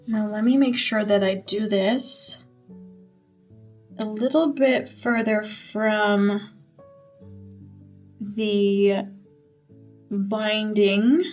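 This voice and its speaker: A young woman vlogging casually as she sets up a planner, chatty and playful, thinking out loud and exclaiming over small things. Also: medium pitch. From Netherlands. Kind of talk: casual planner setup vlog.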